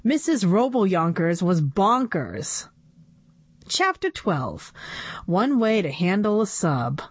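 A woman reading a children's chapter book aloud with expressive storytelling. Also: medium pitch, slow pace, breathy edge, no room sound.

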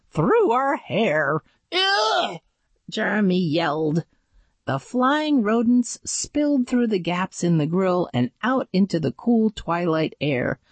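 A woman narrates an audiobook adventure with slow, deliberate pacing. Her fairly low voice rises and falls expressively, recorded close and dry. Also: no room sound. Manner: dramatic, expressive storytelling.

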